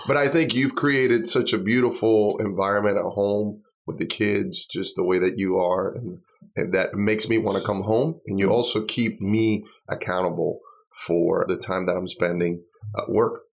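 A man's voice: fairly low pitch, steady tone, normal speed, gravelly. A man who sings in worship, a podcast guest speaking in an earnest, heartfelt, rambling way. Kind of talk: casual chat.

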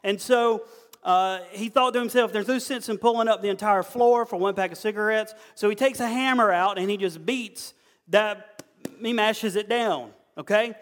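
Preaching to a gathering at a moderate pace, this man's voice sits high as he tells folksy, funny stories and acts out the quoted voices. The recording carries a long hall reverb.

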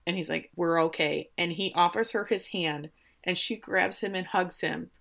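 A middle-aged woman in casual chat, recapping a TV episode with lively, swearing retellings. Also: on the low side, normal speed, gravelly. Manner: animated retelling with swearing and laughs. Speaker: podcast co-host recapping a TV episode.

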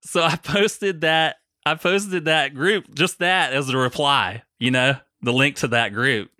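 A man's voice: on the high side, measured pace, bright, forceful tone, no room sound, studio quality. A young adult man co-hosting a podcast, telling stories in casual chat with lots of swearing and mocking quoted voices. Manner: profane storytelling, mocks others in quoted voices. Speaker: podcast co-host.

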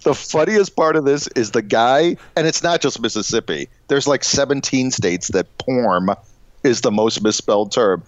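A middle-aged man co-hosts a jokey podcast, talking in a loose, halting ramble full of fillers. His pitch swings freely between highs and lows. The audio is dull and dry, with a lo-fi feel. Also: lively intonation, no echo. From Illinois. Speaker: podcast co-host. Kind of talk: casual comedic chat.

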